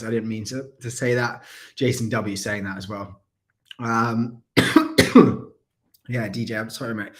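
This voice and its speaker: Man, dry coughing throat, rambling livestream chat, mid pitch. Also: fairly bright tone. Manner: chatty, rambling, apologetic. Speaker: airsoft channel host.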